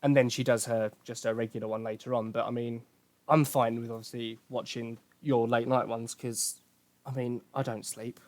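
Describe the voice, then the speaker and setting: A man in his twenties with an Essex accent chats loosely as a podcast host, joking and swearing as he tells stories. His voice sits in a middle pitch, and the sound is dry with no room echo. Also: flat delivery, normal speed. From England. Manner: chatty, swearing, jokey storytelling. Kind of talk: casual chat.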